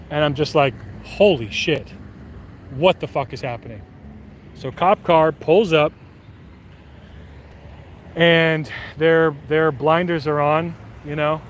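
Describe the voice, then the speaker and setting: A man streaming from his phone while out walking, telling a rambling, profane story with animated quoted voices. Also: a little high, slight background noise.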